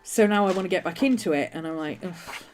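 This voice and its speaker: A woman's voice: on the low side, quick pace, darkish tone, soft background music. Chatty woman with a nagging cough. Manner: chatty, meandering, restarts thoughts often. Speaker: journaling video host. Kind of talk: casual rambling vlog chat.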